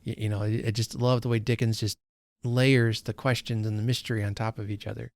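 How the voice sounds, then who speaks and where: A man's voice: lowish voice, level tone, a little fast, darkish tone, dry recording, clean studio sound. A man hosting a casual book read-along, reading passages and musing aloud, often restarting his sentences as he thinks. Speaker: book channel host.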